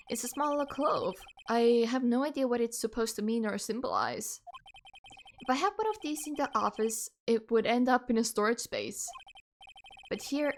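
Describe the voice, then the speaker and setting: Chatty woman streamer, bit high. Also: a little hiss or hum. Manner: chatty, jokey, talks to chat. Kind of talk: gaming livestream, reading game text aloud.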